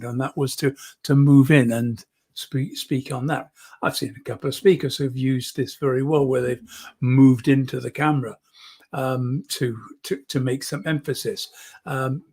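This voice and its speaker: A man teaching public speaking in an online lesson, demonstrating shifts in volume and emphasis close to the microphone. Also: on the high side. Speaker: speaking coach. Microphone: close microphone, moves in and out.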